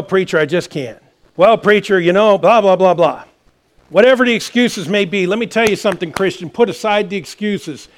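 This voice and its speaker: A man preaching a sermon as pastor, with passionate delivery that builds to shouting. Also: extremely high pitch. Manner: impassioned preaching, rising to shouts.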